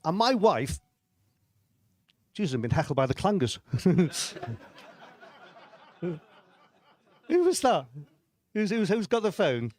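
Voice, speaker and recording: A man's voice: sits high, big pitch swings, slow pace, long pauses, darkish tone, dry recording. A middle-aged man telling stand-up stories on a comedy club stage, with a dry, self-deprecating delivery and frequent chuckles. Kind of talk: stand-up storytelling.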